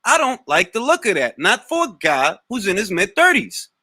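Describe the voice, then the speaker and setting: Animated, slangy man hosting a boxing Q&A. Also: high voice, moderate pace, no room sound. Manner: animated, blunt, slangy, swears. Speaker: boxing talk show host. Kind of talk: live Q&A reading chat comments.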